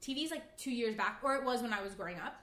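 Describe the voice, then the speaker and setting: A woman's voice: a little high, fast talker. A young woman from India, co-hosting a podcast in eager, laughing casual chat. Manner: eager, excitable, laughs a lot. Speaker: podcast co-host. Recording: roomy with crowd noise.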